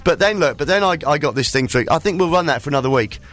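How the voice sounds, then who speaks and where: A man's voice: a little high, animated, fast talker, a bit bright. A man hosting a casual radio show, bantering and laughing with his co-host in a jokey way. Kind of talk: casual chat.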